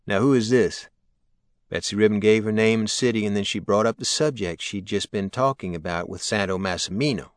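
A man reading an audiobook in a steady, matter-of-fact way. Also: on the low side, a little fast, hardly any pauses, dry recording. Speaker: narrator. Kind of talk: audiobook narration. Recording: dry close studio sound.

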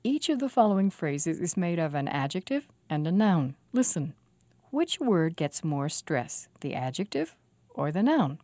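A woman teaching English pronunciation, reading example phrases slowly and carefully for a scripted language lesson. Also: lowish voice, sing-song, mellow, no echo. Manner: slow, careful, clearly enunciated drill reading.

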